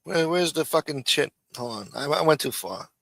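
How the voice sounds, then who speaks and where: A streetwise man hosts a live recap stream, cursing freely and breaking balls in an easy, casual way. His voice sits a bit high for a man. The sound is close and dry, with no room around it. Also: lively intonation, normal speed, creaky, fairly bright tone, dry recording. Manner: streetwise, profane, ribbing. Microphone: studio mic for a radio-style show.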